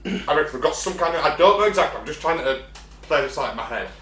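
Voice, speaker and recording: A man's voice: fairly high pitch, animated, fast talker, sharp tone. Swearing man in an echoey room. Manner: swearing, laughing, acts out animal voices. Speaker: podcast co-host. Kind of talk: casual chat. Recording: echoey room with faint hum.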